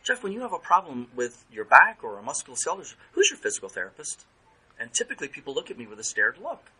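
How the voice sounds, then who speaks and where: Brief: male guest consultant, casual podcast talk, bright forward voice, animated quoted asides. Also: medium pitch, quick pace, breathy edge, low-quality recording. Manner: lively, acts out phone calls in quoted voices.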